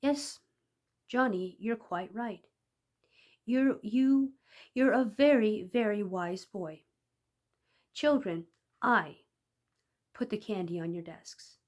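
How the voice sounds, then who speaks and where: A woman's voice: medium pitch, takes it slowly, long pauses, darkish tone. A woman reading the part of a manipulative young teacher who talks to children in a sweet, coaxing, persuasive way. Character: smooth-talking manipulative young female teacher.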